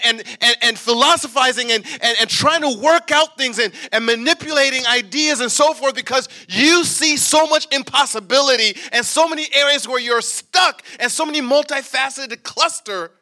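Guy preaching a sermon, high bright voice, really animated, keeps repeating lines for emphasis.

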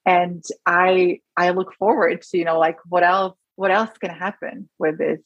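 A woman's voice: on the low side, level tone, measured pace, dry recording, dull audio. A woman, a doctor guest in an interview, talking earnestly and with feeling, often restarting her sentences. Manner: earnest, emotional, many restarts. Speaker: rheumatologist guest. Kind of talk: conversational interview.

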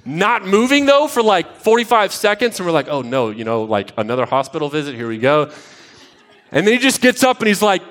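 A man in his thirties delivers a sermon in a fairly high, bright-toned voice. He moves from lively storytelling to emphatic, repeated declarations. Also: a little fast. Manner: animated storytelling, rising to emphatic repeated lines. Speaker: pastor. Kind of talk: sermon with personal stories.

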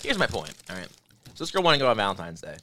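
Fast-talking young man, bright voice. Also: fairly low pitch, wildly swooping pitch, dry recording. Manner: profane, rambling storyteller. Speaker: podcast co-host. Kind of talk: casual comedic chat.

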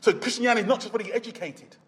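High-voiced man preaching in a reverberant hall. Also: steady tone, very fast. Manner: dramatic, acts out the Bible characters' voices, rising to loud emphasis. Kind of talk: sermon.

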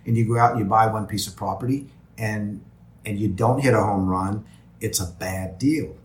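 A man's voice: fairly low pitch, moderate pace, roomy sound. A man talking as a podcast guest in casual interview chat, rambling with many restarts and repeated words.

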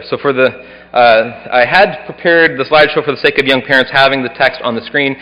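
A man preaching a Sunday sermon as pastor, earnestly reading scripture aloud with some expression. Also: medium pitch. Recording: dull sound with long hall reverb.

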